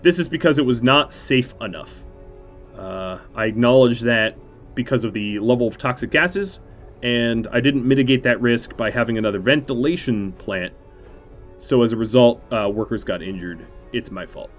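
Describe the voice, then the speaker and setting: At a moderate pace and in a mid-range voice, a man narrates his strategy game stream through a headset mic as faint music plays. He mulls over each decision aloud, and his let's-play commentary is laced with deadpan jokes at his own expense.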